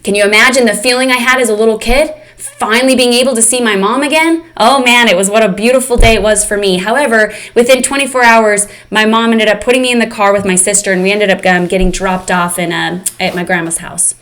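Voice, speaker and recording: This fitness and mindset coach talks fast during her live online session, her mid-range voice a bit bright and fairly even in intonation. She is frank and emotional, speaking straight to her audience as "you guys."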